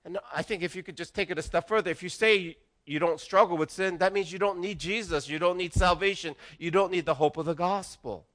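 A man's voice: sits high, fairly quick, few pauses, a bit bright. A middle-aged man preaching a sermon as pastor, earnest and conversational, often restarting his phrases.

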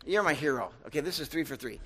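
A man's voice: a little high, expressive, fast, breathy edge, poor audio. A young man preaching a sermon, talking with the congregation in a conversational way, asking them questions and acting out voices. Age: young adult. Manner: acts out loud shouted voices and asides. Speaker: pastor.

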